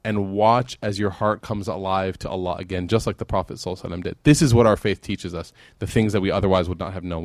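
A man's voice: low voice, fairly even intonation, quick pace, few pauses, dry recording. Dry-voiced male preacher telling a story. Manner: storytelling, closing in fervent prayer. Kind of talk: sermon.

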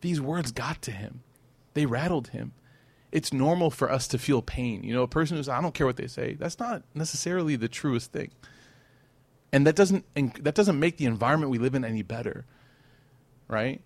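A man teaching a casual, storytelling religious lesson, animated and joking with his audience, with short stretches of Arabic recitation. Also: medium pitch, normal speed, husky, no echo. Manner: animated, conversational, jokes with the audience. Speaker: Islamic teacher.

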